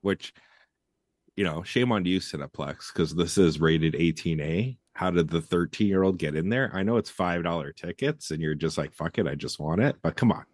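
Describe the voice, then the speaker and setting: Very deep-voiced man, casual and dry. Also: normal speed, darkish tone, no room sound. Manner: laid-back, rambling, swears freely. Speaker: podcast co-host. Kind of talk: casual chat.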